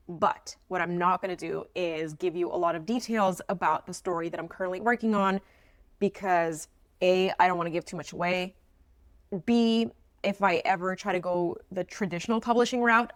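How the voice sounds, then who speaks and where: A woman's voice: on the low side, no room sound. A young adult woman talking casually to camera about her writing process, chatty and playful with frequent asides. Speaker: writing vlogger. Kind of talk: casual instructional talk to camera.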